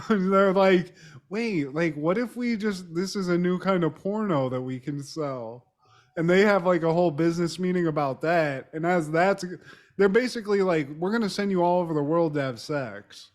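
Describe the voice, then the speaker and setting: A man's voice: high-pitched, normal speed. A man co-hosting a podcast, casually recapping a TV episode with frequent laughter. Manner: laughs often, addresses co-host by name. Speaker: podcast co-host.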